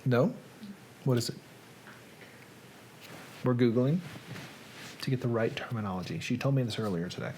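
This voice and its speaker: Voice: mid-range voice, normal speed, long pauses, dark tone, a little hiss or hum. A host chatting casually on a live reading show, joking and reacting to viewers.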